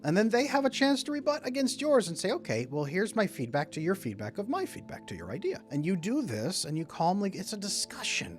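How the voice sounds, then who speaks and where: Male relationship coach, animated, swinging pitch, plays both sides of a dialogue. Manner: animated, acts out both partners in mock dialogue. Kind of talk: solo talk to camera.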